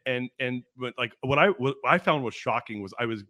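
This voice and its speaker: A man's voice: mid-range voice, animated, fairly quick, sharp tone, dry recording. A man hosting a podcast who talks casually, with frequent restarts and some swearing. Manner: casual, swears, many restarts, calls people dude. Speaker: podcast host. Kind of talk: casual conversation.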